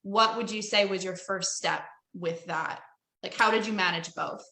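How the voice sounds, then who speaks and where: A woman's voice: mid-range voice, normal speed, bright, forceful tone. A woman hosting a podcast interview, talking in a blunt, emphatic way and swearing casually. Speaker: podcast host. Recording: echoey room with faint noise.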